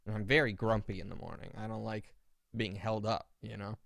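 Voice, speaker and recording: His voice sits on the low side with some vocal fry, and he talks fairly quickly; the studio recording is clean with no echo. He co-hosts a podcast, telling stories in casual chat, indignant and animated as he performs other people's lines.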